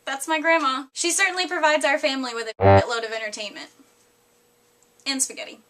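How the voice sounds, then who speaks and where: A woman's voice: sits high, very animated, fairly quick, a bit bright. A young woman in her twenties, hosting her own vlog in an upbeat, playful way. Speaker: vlogger. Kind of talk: casual vlog narration.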